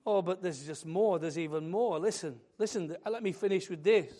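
A man preaching a sermon, building fervently into loud, emphatic declarations. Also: high-pitched, fairly quick.

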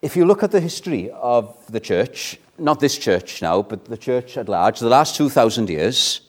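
A man's voice: mid-range voice, big pitch swings, moderate pace. A man preaching an evening sermon in a church, earnestly putting rhetorical questions to the congregation.

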